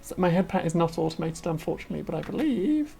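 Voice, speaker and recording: A woman's voice: lowish voice, very animated, fast talker, vocal fry, mellow, husky, faint music behind. A woman VTuber giving casual, chatty commentary as she plays a game, talking to herself and laughing. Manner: chatty, talks to herself while playing, laughs often. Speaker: VTuber streamer.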